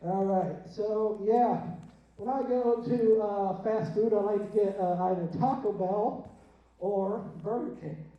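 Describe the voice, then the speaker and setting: A young man doing a stand-up set in a theater, chatty and self-mocking, with quick asides to the crowd. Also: high-pitched. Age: young adult. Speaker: stand-up comedian. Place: theater stage. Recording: dull, echoey theater sound from a distance.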